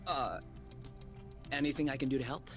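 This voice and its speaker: An actor playing a soft-spoken, thoughtful young man in a video game, speaking tenderly to his partner. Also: medium pitch, normal speed, music in the background, natural voice.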